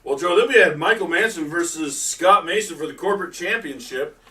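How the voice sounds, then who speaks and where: Brief: male co-host, high bright tense voice, dry recap delivery, distant mic. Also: lively intonation, brisk. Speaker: wrestling show co-host. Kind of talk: match recap commentary.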